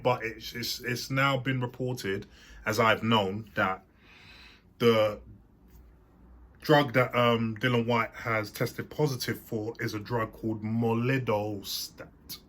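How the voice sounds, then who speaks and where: Bright-voiced man chatting casually to camera. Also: medium pitch. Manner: chatty, meandering, restarts and fillers while explaining. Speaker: host. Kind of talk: casual explanatory monologue.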